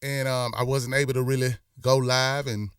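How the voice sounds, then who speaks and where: A man's voice: medium pitch, flat delivery, moderate pace, clear, resonant tone, no room sound, studio quality, far from the mic. A middle-aged man hosts a live stream, talking in a rambling, impassioned way with many restarts. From Memphis. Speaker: host. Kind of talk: casual live-stream talk.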